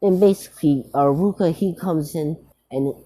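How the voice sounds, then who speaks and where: A man's voice: fairly high pitch, moderate pace, warm tone, breathy edge. A man casually retelling a fan-made story, rambling with many fillers and restarts.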